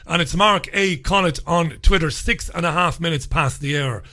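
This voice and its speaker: A man's voice: fairly high pitch, moderate pace, pushed and bright. A man hosting a radio talk show, chatting casually and rambling with plenty of filler words into a studio microphone.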